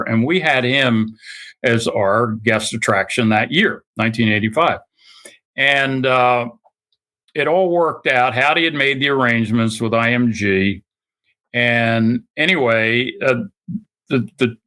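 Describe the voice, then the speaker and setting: A man's voice: mid-range voice, a bit bright. An older man, a guest author, telling anecdotes in an interview, acting out what others said and laughing often. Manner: anecdotal, acts out quoted voices, laughs often. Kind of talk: storytelling interview.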